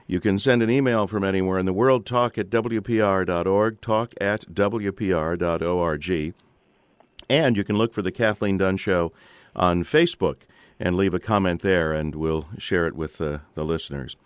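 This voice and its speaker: A man with a low voice hosting a public radio call-in show, recorded close and dry in a studio. He speaks in a relaxed way, with plenty of fillers and restarts as he reads out station details and introduces his guest and callers. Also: normal speed, clear, resonant tone, dry recording. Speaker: radio talk show host.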